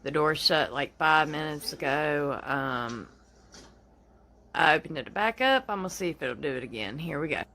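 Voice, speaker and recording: A woman's voice: sits low, animated, moderate pace, pushed and bright, slight background noise. A young woman films her own house on a handheld phone, talking in a frantic, rambling way and swearing a lot. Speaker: home video filmer. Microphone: phone held in hand.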